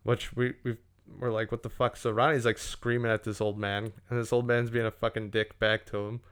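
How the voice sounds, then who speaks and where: A man's voice: mid-range voice, flat delivery, brisk, fairly bright tone, smooth. A young man casually telling a profane story on a podcast, acting out what everyone said.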